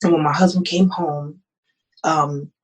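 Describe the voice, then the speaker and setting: A woman's voice: low-pitched, fairly even intonation, unhurried, poor audio. A woman pastor telling her own story as a podcast guest, earnest and emotional, often repeating phrases. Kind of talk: personal testimony in an interview.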